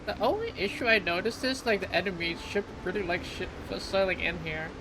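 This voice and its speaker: A woman's voice: medium pitch, a little fast, music in the background, poor audio. A young adult woman streaming a game live, chatting casually and playfully with lots of "like" fillers. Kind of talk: casual live gameplay chat.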